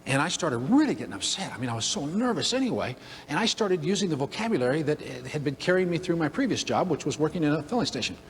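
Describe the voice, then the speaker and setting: An older man giving a motivational talk, telling a humorous story in an animated way to a room of listeners. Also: a little high, fast talker. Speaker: motivational speaker. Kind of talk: storytelling keynote speech. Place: event room with audience. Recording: long hall reverb.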